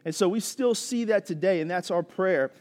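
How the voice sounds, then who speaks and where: High-voiced pastor preaching in a reverberant church. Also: male voice, normal speed, a little mellow. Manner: conversational, casual slang, building in intensity. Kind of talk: sermon. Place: church sanctuary.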